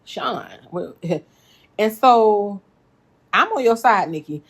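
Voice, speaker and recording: A woman hosting a casual reaction recap, talking straight to her viewers, animated and laughing often. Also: medium pitch, slow pace, husky. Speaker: reality TV recap host.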